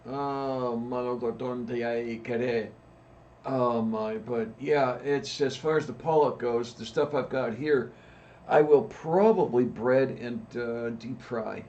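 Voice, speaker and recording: A man chatting casually as a podcast co-host, easygoing and a little halting when he explains things. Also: medium pitch, darkish tone, highs cut off. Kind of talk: casual chat.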